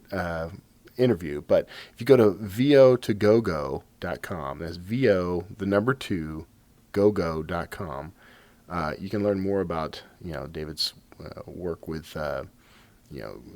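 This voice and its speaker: A man hosting a podcast with a raspy voice, talking casually with lots of fillers and jokes at his own expense. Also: low-pitched. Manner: rambling, filler-heavy, self-joking. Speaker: podcast host. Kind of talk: casual podcast intro and chat.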